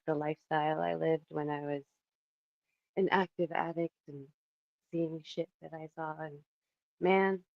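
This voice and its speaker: A woman's voice: deep voice, creaky, no echo, muffled recording. A woman in her thirties hosting a casual livestream from her home kitchen, chatting in a rambling way and reading the chat aloud. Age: 30s. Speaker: livestream host. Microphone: phone.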